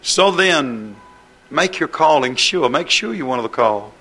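Male preacher, bright forceful voice, impassioned sermon delivery, faint music behind. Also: fairly high pitch, expressive, measured pace, breathy edge. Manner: impassioned, rising and falling cadence.

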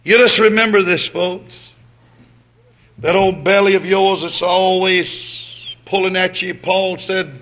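Preacher, male, fairly high-pitched, folksy, alternates booming calls and soft asides. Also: fairly even intonation, a little slow. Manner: folksy, swinging from loud exhortation to quiet asides. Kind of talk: sermon.

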